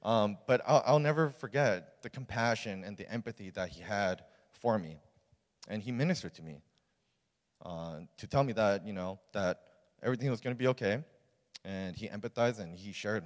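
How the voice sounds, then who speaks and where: Young male youth pastor, low-pitched, informal testimony with lots of "like" and "um", long hall reverb. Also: moderate pace. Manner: casual, earnest storytelling with many fillers. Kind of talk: personal testimony in a sermon.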